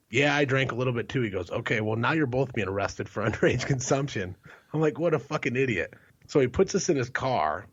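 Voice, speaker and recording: A man with a somewhat low voice tells a rambling, profane story in casual podcast chat, laughing in between lines. The sound is muffled and lo-fi, as if from a cheap setup. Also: a bit bright. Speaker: podcast co-host.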